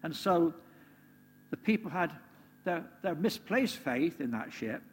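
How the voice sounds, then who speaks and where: A man delivers a relaxed, chatty sermon, checking in with his listeners through tag questions. His voice sits a little high for a man. The recording carries a long hall reverb and a faint hum underneath. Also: a little slow. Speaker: preacher.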